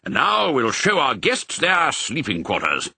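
A man reading a storybook, voicing a brisk, fatherly old male sheepdog who is a colonel. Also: mid-range voice, wildly swooping pitch, gravelly, pushed and bright, husky, dry recording, full character voice. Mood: hearty. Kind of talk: audiobook character voice.

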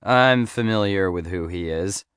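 A man's voice: fairly low pitch, expressive, moderate pace, fairly bright tone, dry recording, clean studio sound. A man reading the part of a middle-aged male FBI agent in an audiobook, curt and a bit patronizing. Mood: bored. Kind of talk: audiobook character voice.

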